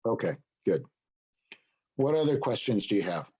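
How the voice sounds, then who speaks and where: A man's voice: fairly low pitch, sing-song, moderate pace, a little mellow, slightly rough, lo-fi sound. A man leading a business broker training, explaining points and checking in with "okay?". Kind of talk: training session talk.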